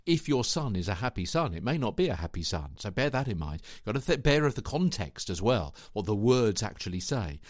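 A low-pitched man teaches voice acting on his own podcast, his intonation rising and falling widely. He talks to the listener conversationally, with frequent check-ins and a few stumbling restarts. The sound is dry, with no room echo. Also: very animated, fairly quick, hardly any pauses. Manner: repeats words when restarting. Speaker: podcast host and voiceover coach.

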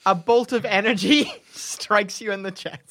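Laughing game master with light background hiss. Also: male voice, sits high, a bit bright. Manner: laughing often, fast offhand narration. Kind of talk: narrating a tabletop game.

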